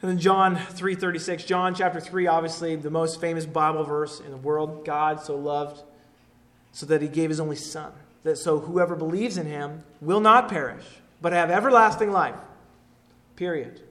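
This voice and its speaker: A man delivers a sermon with a voice pitched a little above the usual male range. He reads scripture aloud and hammers key phrases through repetition. His pitch and volume swing up and down as he builds emphasis. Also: fairly even intonation, moderate pace, fairly bright tone. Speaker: preacher.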